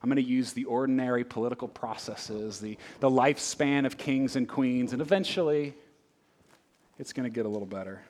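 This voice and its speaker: A man voicing God as a patient, plain-spoken figure who explains a slow plan in a casual, reassuring way. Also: medium pitch, a little mellow, natural voice. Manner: casual, reassuring, matter-of-fact.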